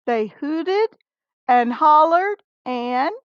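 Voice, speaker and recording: A woman reading a picture book aloud to young listeners, expressive and stopping to talk with them about the pages. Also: a little high, takes it slowly, no echo. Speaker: storybook reader. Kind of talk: children's read-aloud. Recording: dull lo-fi recording.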